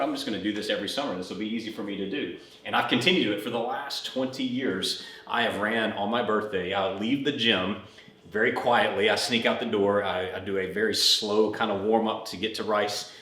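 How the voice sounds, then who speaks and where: A man in his forties hosting a fitness podcast, telling a rambling personal story while coaching a workout. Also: lowish voice. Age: 40s. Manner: chatty, rambling, animated when retelling. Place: gym. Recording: roomy echo, mic at a distance.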